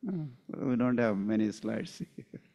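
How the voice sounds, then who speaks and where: A man's voice: medium pitch, animated, creaky, warm tone. A man giving a scripture lecture as a spiritual teacher, telling a story and acting out the quotes. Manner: slow, unhurried storyteller who acts out quotes. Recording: long hall reverb.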